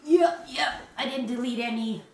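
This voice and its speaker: A crochet channel host from Canada keeps up a casual, rambling chat with frequent laughter. Her voice is on the high side, a little mellow, at a moderate pace, recorded roomy and distant with a little hiss or hum.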